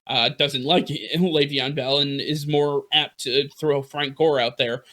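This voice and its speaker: A man's voice: a little high, steady tone, slow pace, bright, forceful tone. A man co-hosting a sports podcast, chatting casually about football teams with lots of fillers, restarts and the odd laugh. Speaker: podcast co-host.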